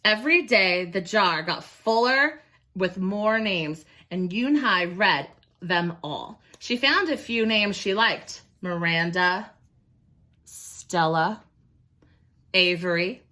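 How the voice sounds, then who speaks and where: A woman teacher reading a picture book aloud to children, expressive and pausing to ask questions. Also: mid-range voice. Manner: expressive, explains and asks questions.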